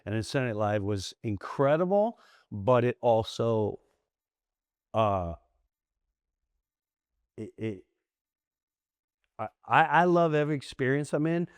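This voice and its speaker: A middle-aged American man, a comedian guest on a podcast, telling candid stories in animated bursts with restarts and acted-out voices. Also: medium pitch, a little slow, pauses often, clean tone, dry recording, studio quality. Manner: animated storyteller, acts out quoted voices, frequent restarts. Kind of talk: candid storytelling in a long-form interview.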